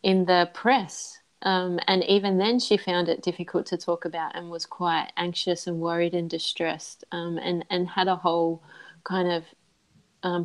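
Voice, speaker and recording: A thoughtful woman in a casual podcast conversation, speaking in a somewhat low voice. She picks her words slowly and hesitantly, filling the gaps with ums.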